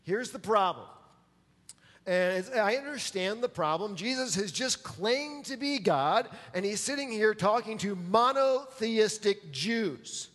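A man's voice: high voice, lively intonation, measured pace, fairly bright tone, big-room sound. A man preaching a sermon as pastor, emphatic and pressing his listeners to answer back. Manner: emphatic, calls for audience response.

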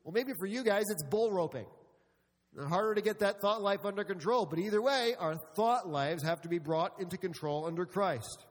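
High-voiced pastor preaching in a hall. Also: male voice, moderate pace. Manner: storytelling with humor, addressing the congregation. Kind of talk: sermon.

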